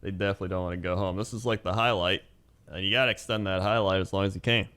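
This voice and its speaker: Male podcast co-host, lower voice, relaxed and dry. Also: very fast, clear, resonant tone. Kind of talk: casual chat.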